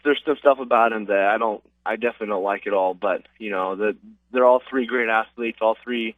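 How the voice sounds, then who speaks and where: An MMA fighter with a lowish voice tells stories in a phone interview, speaking a little fast and rambling casually with lots of fillers. The recording is dry, coming through a distant, tinny phone line.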